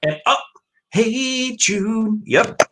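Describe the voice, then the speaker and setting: A man's voice: high voice, lively intonation, drawn-out words, background noise. A man hosting a casual live-stream chat, speaking in a hesitant way with many restarts. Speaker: host.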